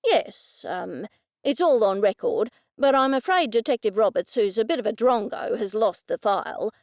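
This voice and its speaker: A man's voice: high voice, expressive, normal speed, dry recording, clean studio sound. A woman narrating an audiobook, voicing a reluctant, blunt man who grumbles but goes along. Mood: bluffing. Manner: grudging, blunt. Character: reluctant young Australian bloke, grumbling but game.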